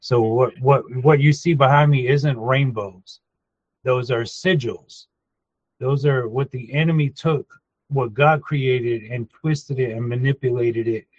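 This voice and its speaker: A man's voice: medium pitch, unhurried, darkish tone, dry recording. Earnest man on dull remote audio. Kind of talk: casual talk show chat.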